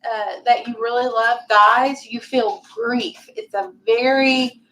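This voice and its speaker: A woman teaching phonics in a classroom, her voice high and bright. She talks slowly and patiently, drawing out each explanation so young students can follow. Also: fairly even intonation, poor audio. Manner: patient, clear, drawn-out instructional speech.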